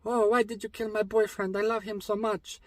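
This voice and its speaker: A man voicing a dramatic young princess in falsetto with broken English. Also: little pitch movement, normal speed, no room sound, natural voice. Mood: dismayed.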